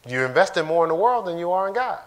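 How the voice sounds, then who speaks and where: A man's voice: high-pitched, big pitch swings, fast, fairly bright tone. A man pastor giving a casual, conversational sermon in a church, joking and talking straight to the congregation. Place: church sanctuary.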